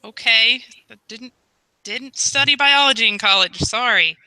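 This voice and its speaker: A woman player in a tabletop game, quick and self-deprecating, sometimes stumbling over her words. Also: a little high, bright, forceful tone, no room sound, rough recording. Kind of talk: casual tabletop game chat.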